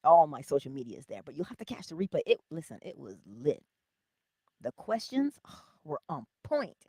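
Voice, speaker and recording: A woman hosting a casual livestream, laughing often and greeting her viewers by name, calling them honey, with a lively and unhurried manner. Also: deep voice, breathy edge, no echo, clean studio sound. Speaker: livestream host.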